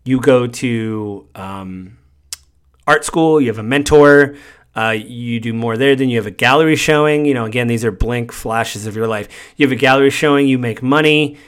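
A man with an average-pitched voice talks through a video game's story as a podcast host. His delivery is loose and conversational, and it meanders from scene to scene. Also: moderate pace, smooth. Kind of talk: casual retelling of a video game story.

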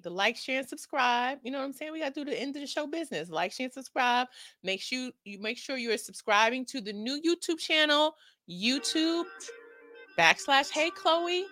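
Lively sassy woman talk-show host. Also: high-pitched, dry recording. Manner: sassy, emphatic, playful scolding. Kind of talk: casual comedic talk show closing.

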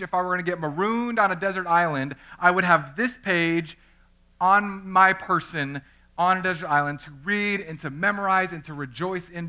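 A pastor in his thirties with a high voice preaches a sermon built around an animated personal story, acting out the voices of its characters.

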